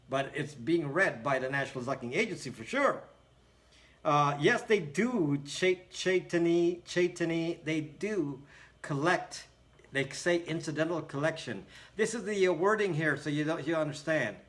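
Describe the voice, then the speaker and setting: A man's voice: a little high, unhurried, fairly bright tone. A man hosting a casual livestream, answering viewer comments with sarcastic jokes, frequent laughs and rambling asides. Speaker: livestream host.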